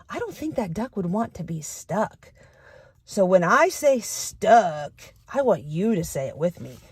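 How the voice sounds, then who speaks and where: A woman's voice: on the low side, a little mellow, breathy edge. A middle-aged woman, a storytime librarian, demonstrating a picture-book read-aloud for young children and inviting them to call out sound words.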